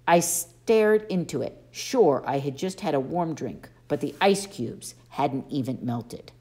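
A woman narrating an audiobook in an expressive first-person storytelling manner. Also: sits low, unhurried. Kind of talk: audiobook reading.

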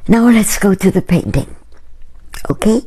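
With a mid-range voice that is expressive, mellow and a bit husky, an older painter tells a small group about her art. She takes her time, sounding earnest and reflective.

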